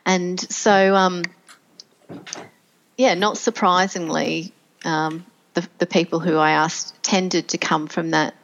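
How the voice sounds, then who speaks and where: A woman's voice: fairly low pitch, fairly even intonation, takes it slowly, highs cut off. A middle-aged woman, a podcast guest telling her story in a reflective way with many fillers and restarts. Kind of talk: conversational interview storytelling.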